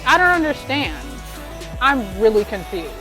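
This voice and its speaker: Excitable woman reacting to a music video. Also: fairly high pitch, a little slow. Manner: excitable, teasing, exclaims often. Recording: faint music in background. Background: music video playing faintly.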